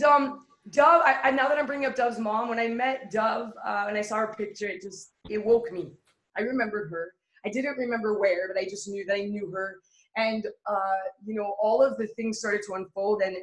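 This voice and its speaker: A woman guest in an interview, earnestly telling a personal story and building on repeated phrases. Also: mid-range voice. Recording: echoey room.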